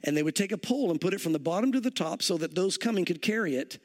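High-voiced man preaching a sermon. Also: lively intonation, fast talker, a little mellow. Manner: conversational storytelling with frequent "you know". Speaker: pastor. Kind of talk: verse-by-verse sermon.

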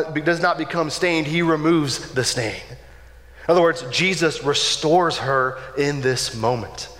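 A man preaching a sermon in a relaxed, conversational way, often checking in with "right?". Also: fairly high pitch. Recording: long hall reverb.

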